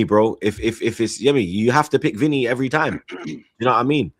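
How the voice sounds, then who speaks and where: A man chatting casually on a football stream, rambling through shout-outs with slang and repeated "you get me". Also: medium pitch, expressive, quick pace, no echo, studio quality. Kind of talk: casual chat, reading out super chats.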